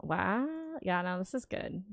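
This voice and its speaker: A woman's voice: on the low side, unhurried, gravelly, no echo. A young adult woman streamer gives a casual, enthusiastic reaction to a games showcase and muses aloud as she goes.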